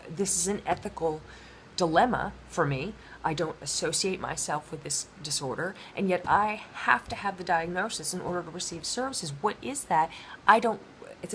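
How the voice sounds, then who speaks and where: Halting low gravelly woman. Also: fairly bright tone, a little hiss or hum. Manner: halting, many restarts and fillers. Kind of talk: rambling personal monologue.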